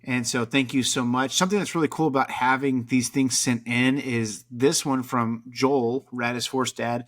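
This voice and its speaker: A man hosts a podcast in a casual, relaxed style, rambling along with plenty of filler words. His mid-range voice moves at a normal speed.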